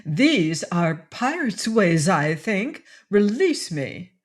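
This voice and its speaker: A woman's voice: lowish voice, very animated, very slow, full character voice. A woman reading an audiobook, voicing a proud, spirited young lady who speaks with cool dignity. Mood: indignant.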